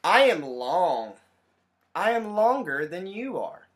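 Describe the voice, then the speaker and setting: A man's voice: sits high, sing-song, a bit bright, pitched above the performer's own voice, exaggerated voice. A man doing a proud, drawling long centipede. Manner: slow and emphatic.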